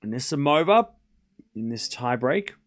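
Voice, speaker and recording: Animated man calling tennis points live. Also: mid-range voice, a little slow, a little hiss or hum. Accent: non-native English accent. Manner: calls points in short bursts, swings up excitedly on big points. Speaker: livestream tennis watchalong host. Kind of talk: live play-by-play scoring commentary mixed with chat replies.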